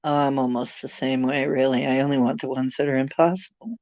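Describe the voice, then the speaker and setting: Low-voiced woman chatting casually. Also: steady tone, a little fast, a little mellow, no echo, dull audio. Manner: rambling, joking, self-deprecating. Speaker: livestream host. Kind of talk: casual chat with viewers.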